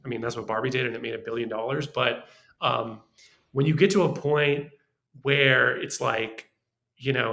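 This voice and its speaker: A man, a screenwriter guest on a podcast, telling animated stories about his work in a casual way. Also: medium pitch, moderate pace, vocal fry. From Los Angeles. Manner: animated, restarts and acts out quoted voices.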